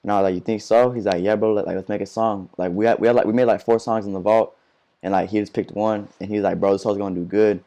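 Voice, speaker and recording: A man's voice: lowish voice, steady tone, fast talker, dark tone. A teenage man telling a story in a casual interview, slangy and profane, full of fillers and restarts. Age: teens. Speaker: interview guest, rapper.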